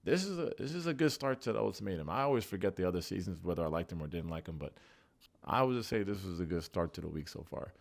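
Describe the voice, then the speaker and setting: A man giving a casual video recap of a reality TV show, chatty and animated, talking straight to his viewers. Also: low-pitched, quick pace, vocal fry.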